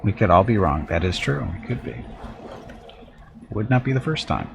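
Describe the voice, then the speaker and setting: Deep Southern Californian man streaming. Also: very animated, normal speed, vocal fry. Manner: rambling, self-deprecating, chatty. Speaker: game streamer. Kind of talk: casual live gameplay commentary. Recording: noisy background.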